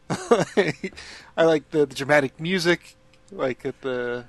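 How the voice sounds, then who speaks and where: A man's voice: fairly high pitch, animated, takes it slowly, gravelly, no room sound. A man co-hosting a casual podcast, rambling through a story and giggling throughout. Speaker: podcast co-host. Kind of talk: casual chat.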